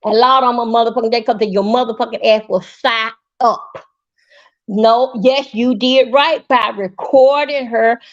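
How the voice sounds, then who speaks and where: A high-voiced woman vents on a live stream, swearing and circling back over the same grievance. Her anger keeps building as she tells the story. The audio is muffled and lo-fi, like a typical stream recording. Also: fairly even intonation, moderate pace. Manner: profane, angry, repetitive storytelling. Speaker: livestream host. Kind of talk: heated live-stream rant.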